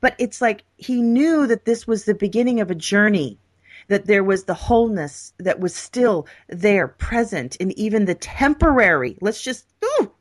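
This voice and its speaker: Animated woman co-hosting a faith talk. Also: mid-range voice, moderate pace. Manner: animated, acts out quoted voices with gasps. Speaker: podcast co-host. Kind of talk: casual spiritual chat.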